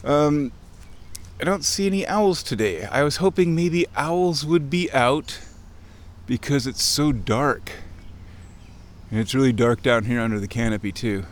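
Strolling beside a creek in the woods, this nature vlogger narrates in an unhurried, mid-range voice. He keeps things playful and chatty, imitating sounds and laughing frequently, with faint outdoor ambience behind him.

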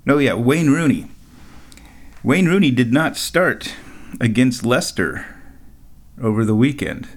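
A middle-aged man talking in a rambling, casual monologue, often laughing at his own stories and tossing in sarcastic asides. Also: medium pitch. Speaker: vlogger.

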